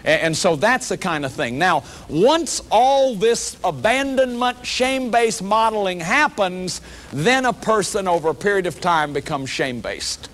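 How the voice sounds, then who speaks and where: A man's voice: high voice, lively intonation, normal speed, fairly bright tone. A man giving a public lecture on shame and recovery, earnest and conversational, often repeating himself and saying "you see" to the audience.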